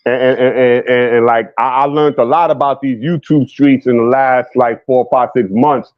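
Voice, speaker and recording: Slow emphatic man, dull audio. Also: medium pitch, fairly even intonation, no echo. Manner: slow, emphatic, streetwise slang. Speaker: podcast guest. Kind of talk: heated argument. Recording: dull lo-fi sound.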